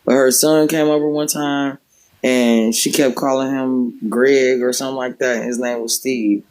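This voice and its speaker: A man's voice: mid-range voice, fairly even intonation, normal speed, a little mellow, clear, resonant tone, rough recording. A man hosting a livestream, telling a story in a loose, rambling way with many filler words. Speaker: livestream host; former home health care worker. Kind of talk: casual storytelling chat.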